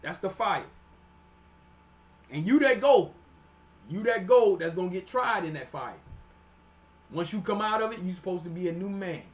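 High-voiced man preaching from scripture. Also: animated. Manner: reads verses slowly then explains in plain street talk; repeats "all right?" to check on listeners. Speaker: teacher. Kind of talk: scripture teaching sermon.

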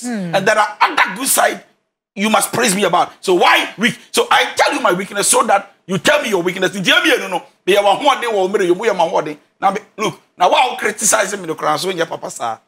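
A man with a Ghanaian accent and a high, sharp voice works as a relationship counselor, giving animated advice. His delivery is emphatic and preacher-like, and he repeats his key phrases.

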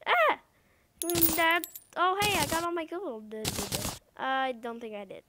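A woman giving casual, excitable let's-play commentary, talking to the game's creatures and repeating words as she plays. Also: high voice, normal speed, very noisy. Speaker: gamer.

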